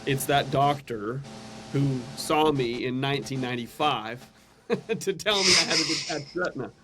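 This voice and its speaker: Man, mid pitch, earnest and conversational, sharing his testimony as a guest, faint noise behind. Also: moderate pace. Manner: earnest and conversational, acts out quoted voices. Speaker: podcast guest. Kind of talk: personal testimony storytelling.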